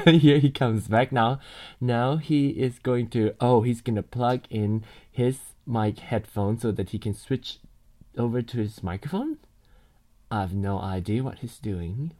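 A medium-pitched man with a dark tone rambles live from his bed into a binaural mic hooked to a computer, laughing often and dropping casual swears.

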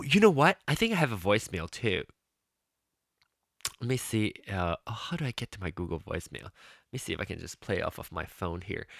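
A man hosts his own podcast, talking alone in loose, chatty fashion. His voice is bright and lively, leaping up and down in pitch as he trails off, apologizes and restarts. The sound is close and dry, with no room around it. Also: no room sound. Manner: rambling, apologetic, self-interrupting with fillers; chatty and animated. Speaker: podcast host. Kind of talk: casual solo podcast chat.

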